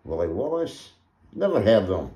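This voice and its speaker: A man's voice: lowish voice, sing-song, moderate pace, dark tone, muffled recording. A man putting on a pompous Scottish poet. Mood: boastful. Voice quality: grand and declaiming. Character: pompous self-important male poet. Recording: echoey room.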